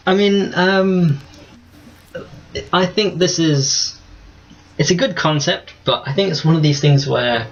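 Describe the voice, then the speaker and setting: A man co-hosting a casual gaming chat, measured and thoughtful, pausing as he picks his words. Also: on the high side. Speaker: co-host in a gaming discussion. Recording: dull lo-fi sound.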